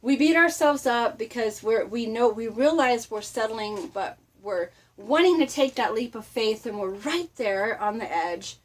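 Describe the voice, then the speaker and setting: A middle-aged woman giving a casual motivational talk, chatty and animated, often laughing and acting out little quotes. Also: fairly high pitch, measured pace, few pauses. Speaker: motivational vlogger.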